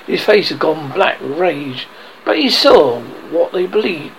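A man narrating an audiobook in an expressive way, now and then stumbling and rereading words. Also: a little high, unhurried, a little hiss or hum, low-quality recording. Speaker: reader.

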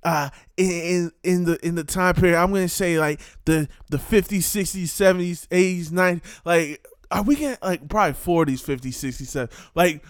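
A man's voice: high-pitched, fairly quick, hardly any pauses, clean tone, dry recording, studio quality. A man giving a casual, ranting monologue full of repeated rhetorical questions and streetwise slang.

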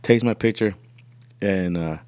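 Deep-voiced man telling a rambling story. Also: unhurried, darkish tone, dry recording. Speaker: podcast host. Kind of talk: casual storytelling.

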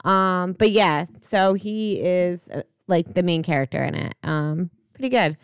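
Chatty young woman with a crisp, dry voice. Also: on the low side, a little slow, no echo. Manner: chatty, rambling with many fillers and swearing. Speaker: podcast co-host. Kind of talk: casual chat about movies.

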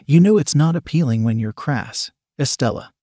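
A man's voice: mid-range voice, lively intonation, moderate pace, warm tone, no room sound, studio quality, natural voice. A man voicing a meek, prim husband who talks in a fussy, scolding way.

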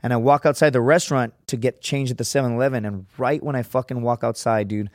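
A man's voice: mid-range voice, steady tone, quick pace, a little mellow, no echo, studio quality. A man guest on a podcast, telling a story casually, with lots of fillers and swearing.

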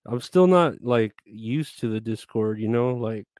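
A man's voice: medium pitch, lively intonation, unhurried, a little mellow, dry recording, clean studio sound. A tired man streaming live, chatting in a rambling, irritable way and swearing a lot. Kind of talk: casual live stream chat.

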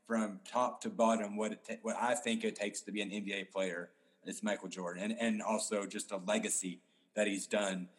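A man's voice: on the low side, little pitch movement, normal speed. A man in casual basketball talk on a podcast, rambling with many restarts and fillers.

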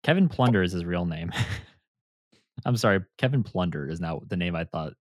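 Man, podcast host, low voice, animated, dry sound, laid-back and jokey. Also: no room sound. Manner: laid-back, joking, quick to laugh. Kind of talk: casual chat, reading aloud from a book.

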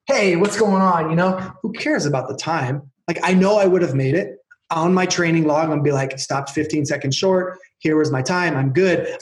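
A man telling stories as a guest on an interview show, lively and acting out the people in his anecdotes. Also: on the high side. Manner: animated storyteller, acts out voices in anecdotes. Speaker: podcast guest, performance coach. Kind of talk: casual interview chat. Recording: roomy echo.

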